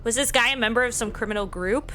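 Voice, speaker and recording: A woman hosting a let's play, reading a visual novel aloud with expressive, laugh-filled commentary. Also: on the high side, fast.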